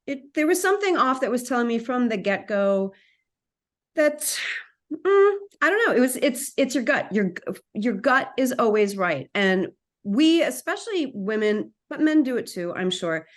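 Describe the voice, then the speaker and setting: A woman, a massage therapist and actor, telling a story in a casual chat with frequent restarts and tangents over a video call. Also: mid-range voice. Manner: chatty, animated, sidetracks and restarts.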